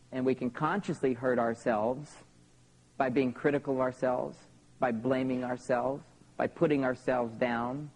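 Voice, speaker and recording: A man's voice: medium pitch, a little mellow, poor audio. A man in his thirties tells personal stories in a live seminar talk to an audience, often checking in with "okay?". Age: 30s. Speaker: seminar speaker.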